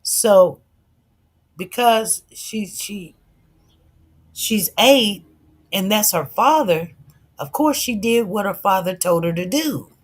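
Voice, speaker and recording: A woman commentator talking casually to her livestream viewers, telling a story in an animated way, repeating herself and acting out dialogue. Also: mid-range voice, takes it slowly, pauses often, slightly rough. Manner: addresses viewers directly.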